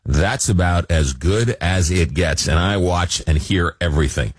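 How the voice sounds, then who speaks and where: A man's voice: deep voice, a little slow, slightly rough, dry recording. A man hosting a late-night radio talk show, interviewing guests and wrapping up segments.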